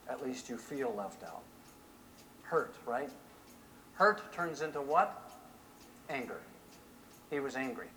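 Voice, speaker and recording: A male pastor preaching a sermon in an animated way, often asking the congregation rhetorical questions. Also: fairly high pitch, a little hiss or hum, poor audio.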